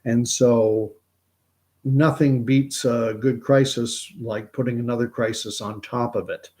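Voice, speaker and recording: A man's voice: mid-range voice, fairly even intonation, a little slow, darkish tone. Rambling man hosting a livestream. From Canada. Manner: rambling, conversational, reads out viewer comments. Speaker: host of a commentary livestream. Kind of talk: casual livestream commentary.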